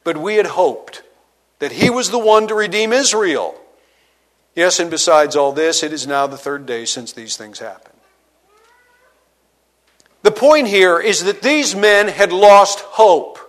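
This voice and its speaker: A man preaches with a fairly high voice, moving between reading scripture and casual retelling. He often sinks his voice low and soft to press a point home. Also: expressive, a little slow, long pauses. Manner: expository preaching, reads scripture aloud and paraphrases it conversationally; dynamic delivery, drops low and quiet for emphasis. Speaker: pastor. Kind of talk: sermon.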